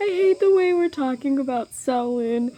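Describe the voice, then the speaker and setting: A woman in her twenties giving blunt, expressive reactions in a casual reading vlog. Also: high voice, moderate pace. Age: 20s. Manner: candid, blunt and expressive, with slangy asides. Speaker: book vlogger.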